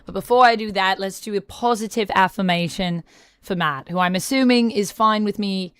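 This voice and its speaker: A woman's voice: mid-range voice, normal speed, fairly bright tone, clean tone, dry recording. A young adult woman streamer chatting casually to viewers, attempting an Australian accent and thanking them earnestly. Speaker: live streamer. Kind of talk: casual live-stream chat.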